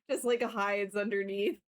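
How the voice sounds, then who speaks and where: A woman's voice: medium pitch, slow. Chatty woman streaming live. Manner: chatty, laughing, animated retelling. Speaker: livestreaming artist. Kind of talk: casual chat while working.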